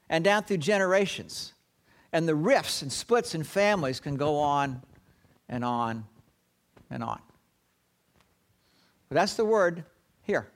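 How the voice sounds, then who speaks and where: Lively high-voiced male preacher. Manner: dramatic storytelling, acts out quoted lines. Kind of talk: sermon.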